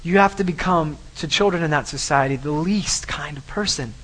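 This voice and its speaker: Man, pastor, sermon, emphatic, repeats phrases, higher pitch. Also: moderate pace, a bit bright, low-quality recording.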